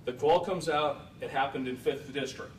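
A man questioning a witness in a courtroom cross-examination, leading him with short questions and frequent checks for agreement. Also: moderate pace. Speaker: defense attorney. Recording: echoey room from far off, faint rumble.

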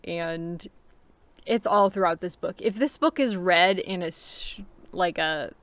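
A woman's voice: on the low side, slow pace, a bit bright, dry recording. A woman with a Californian accent, talking casually about a book she read, rambling with fillers and little laughs. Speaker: book reviewer. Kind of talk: casual book review talk. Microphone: home recording, unedited.

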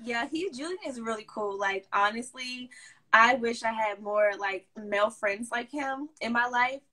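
A woman's voice: on the high side, a crowd in the background. A woman with a mix of DC, Baltimore and Southern accents, chatting casually as host of a live stream and reading out viewer comments. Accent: mixed DC, Baltimore and Southern US. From DMV area, United States. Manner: chatty, upbeat, talks fast when excited.

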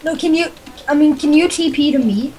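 A young female gamer chatting while she plays, halting and full of questions. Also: high voice, darkish tone, slight background noise, low-quality recording. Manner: halting, asks a lot. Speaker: gaming friend. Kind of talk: casual game chat.

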